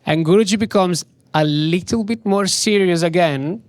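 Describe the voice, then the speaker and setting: A man with a somewhat high voice gives a spiritual talk, pacing his words slowly and leaning on repeated phrases for emphasis. The sound is dry and close, with little room around it. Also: darkish tone, no room sound. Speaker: swami giving a spiritual talk.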